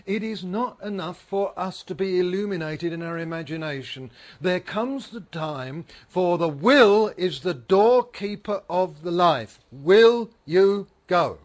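Man, preacher, sermon, high voice, earnest, repeats phrases, asks the congregation questions.

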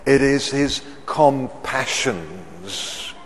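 A man preaching a sermon. He keeps asking the congregation questions and swells loud on the words he stresses. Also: medium pitch, lively intonation, very slow. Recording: reverberant church hall.

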